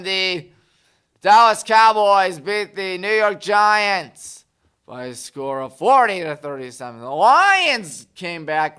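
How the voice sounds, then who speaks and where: A man's voice: sits high, bright, forceful tone, clear, resonant tone. A man hosting a community TV sports talk show, rattling off scores with sarcastic, exasperated asides. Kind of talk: scores recap monologue. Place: community TV studio.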